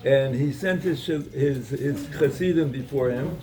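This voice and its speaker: A man giving a Torah talk at an evening gathering, telling a story in a halting way, with many repeated words and restarts. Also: mid-range voice, recorded from a distance, low-quality recording.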